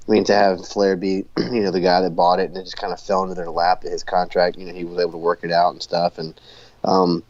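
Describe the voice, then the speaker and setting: A man's voice: sits low, darkish tone, no room sound, highs cut off. A man co-hosting a podcast, recapping in casual chat and rambling with lots of fillers and restarts. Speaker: podcast co-host.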